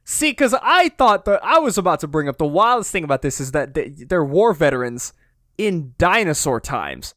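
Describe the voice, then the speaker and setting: A man's voice: fairly high pitch, normal speed, no room sound. Young man telling stories in a dry room. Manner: animated storytelling, lots of "like", bursts of disbelief. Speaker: podcast co-host. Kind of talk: casual chat. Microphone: podcast microphone.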